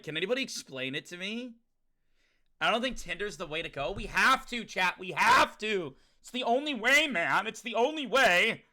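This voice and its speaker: Young male streamer from New York, casual and profane; bright, cutting tone with a slightly high pitch. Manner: loud, animated, swears often, talks straight to chat. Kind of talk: casual livestream chat.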